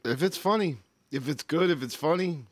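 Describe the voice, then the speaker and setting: A man's voice: fairly high pitch, moderate pace, no echo, clean studio sound. A man co-hosting a casual podcast with the hiccups, blunt and profane. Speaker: podcast co-host. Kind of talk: casual chat.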